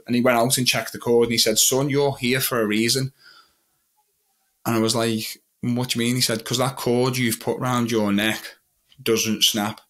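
A man's voice: medium pitch, fairly bright tone. A young man, a magician talking about his own past as an interview guest, rambling a little and quoting his own thoughts. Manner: rambling, with many restarts and quoted thoughts. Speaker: guest, magician and mental health advocate. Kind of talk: candid personal storytelling in an interview.

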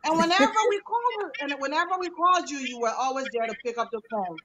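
A woman's voice: high voice, quick pace, fairly bright tone, poor audio. A woman and new homeowner, speaking effusively on a video call and thanking her agent over and over. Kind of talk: grateful testimonial on a video call.

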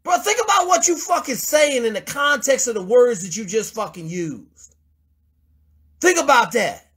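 High-pitched, husky man ranting bluntly. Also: very animated, moderate pace, a bit bright. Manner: profane, confrontational, lecturing. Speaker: host mentor. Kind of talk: blunt profane mentoring rant.

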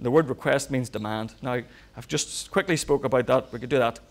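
A pastor preaching a sermon, swinging from loud fervent bursts to quiet asides. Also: male voice, mid-range voice, fairly quick, gravelly.

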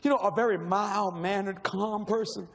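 Preacher, man, very high gravelly voice, lively delivery, echoing hall with a faint crowd. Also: normal speed. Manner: animated, bursts into shouting. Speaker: minister. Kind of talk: sermon storytelling.

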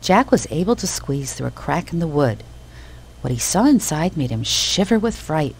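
Low, gravelly woman storyteller. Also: moderate pace, low-quality recording. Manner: expressive, animated reading. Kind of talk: children's storybook narration.

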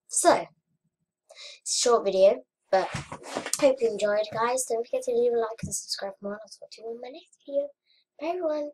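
A young woman chatting casually over her gameplay, murmuring to herself and then bursting into frustrated shouts. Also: on the high side, normal speed, pauses often, breathy edge. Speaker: gaming vlogger. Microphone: webcam or desk mic.

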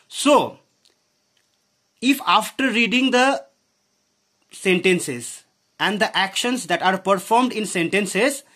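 A man's voice: high-pitched, fairly bright tone, breathy edge. A man teaching a grammar lesson, asking the class questions and saying "okay" often. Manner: explains with frequent questions and "okay", voice drops at phrase ends.

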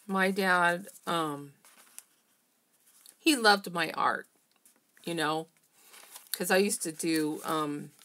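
Chatty middle-aged woman vlogger, low gravelly voice, unhurried craft chat in her studio. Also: fairly bright tone. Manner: chatty, personal, greets viewers by name. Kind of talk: casual chat while crafting. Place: home art studio.

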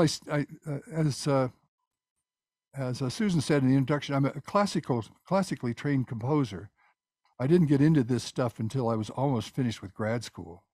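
Older man talking haltingly over a dry call. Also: mid-range voice, a little mellow, no echo. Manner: rambling, halting with restarts. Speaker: guest speaker, composer. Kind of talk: casual presentation and Q&A.

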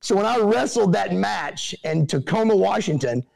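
A middle-aged man, a guest telling animated stories and acting out what people said. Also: high-pitched, normal speed, creaky. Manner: animated, acts out quotes in other voices. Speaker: interview guest, former pro wrestler. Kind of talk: casual storytelling.

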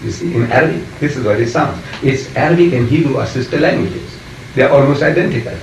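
A man's voice: medium pitch, quick pace. A man leading a heated religious debate, lecturing and pressing his listeners with repeated questions. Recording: echoey room, voice far from mic, faint noise.

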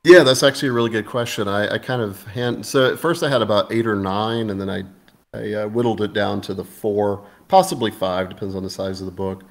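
A man's voice: fairly low pitch, steady tone, brisk. A man talking casually as an interview guest about his game adventures, rambling with fillers and restarts.

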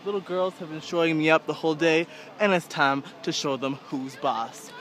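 A young man chatting excitably to his camera while skiing on a snowy mountain, joking at his own expense. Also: a little high, moderate pace. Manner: excitable, chatty, self-mocking. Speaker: vlogger. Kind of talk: casual vlog chat to camera. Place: outdoors on a snowy ski mountain. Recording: noisy outdoor mountain ambience.

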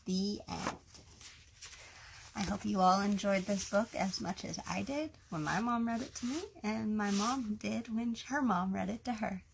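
A woman reading a children's picture book aloud in a gentle, expressive storytime manner. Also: medium pitch, measured pace, creaky, slight background noise. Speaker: storytime reader.

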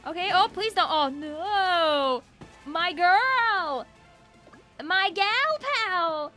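A woman hosting a gaming channel, giving excitable, joking let's-play commentary and talking to the characters on screen. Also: extremely high pitch, extremely slow, soft background music.

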